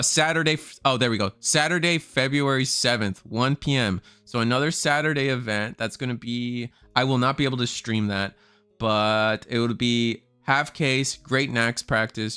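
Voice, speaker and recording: Male streamer, mid pitch, smooth voice, dry close mic, loose rambling delivery, worn out. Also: fairly bright tone, no echo. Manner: rambling, casual, swears freely. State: tired, burnt out. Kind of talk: casual live-stream chat.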